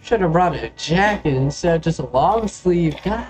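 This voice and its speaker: A man's voice: on the high side, expressive, moderate pace, few pauses, darkish tone. A man casually commenting while playing a game, chatty, swearing and humming, on a noisy home mic. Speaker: gamer.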